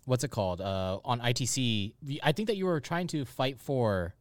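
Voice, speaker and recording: A man's voice: medium pitch, normal speed, no echo. Upbeat guy hosting a podcast, voice bounces all over, dry close sound. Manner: upbeat, animated host patter. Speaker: podcast host. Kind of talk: casual podcast chat.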